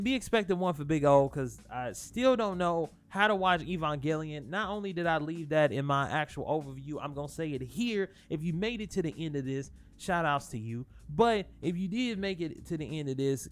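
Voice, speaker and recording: A man's voice: on the high side, expressive, normal speed, hardly any pauses. A man hosting his own channel, rambling casually through spoilers with lots of swearing, fillers and restarts. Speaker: channel host.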